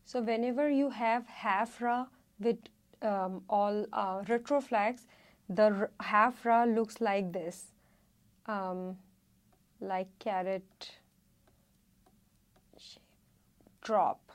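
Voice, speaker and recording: Very slow-speaking woman teaching letters. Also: mid-range voice, fairly even intonation. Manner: slow, careful, repeats each word twice. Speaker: Hindi teacher. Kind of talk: slow spoken lesson, repeating words.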